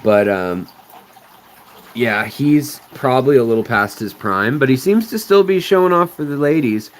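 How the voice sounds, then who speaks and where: A man's voice: mid-range voice, lively intonation, normal speed, a little hiss or hum. A man hosting a live stream, answering viewers in a rambling, explanatory way with many fillers. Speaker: aquarium channel host.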